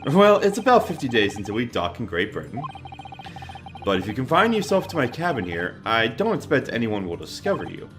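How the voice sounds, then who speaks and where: A man voicing a confident young man who teases his friend in a calm, dry manner. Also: medium pitch, brisk, soft background music. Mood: teasing.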